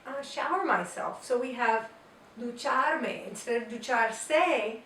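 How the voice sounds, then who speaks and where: A woman's voice: on the high side, slow pace, fairly bright tone. A woman teaching a Spanish grammar lesson, explaining patiently and step by step with example sentences. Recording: roomy echo, distant mic, faint noise.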